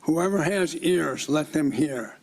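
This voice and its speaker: A man's voice: fairly high pitch, slow pace, a little mellow, slightly rough. A middle-aged man from Minnesota with a Minnesotan accent, giving formal public testimony in a declamatory, accusing manner.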